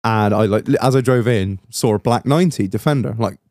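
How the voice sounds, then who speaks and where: A man's voice: lowish voice, fairly quick, a little mellow, no echo, studio quality. A young man, a podcast host telling a story in casual chat, swearing and laughing his way through it.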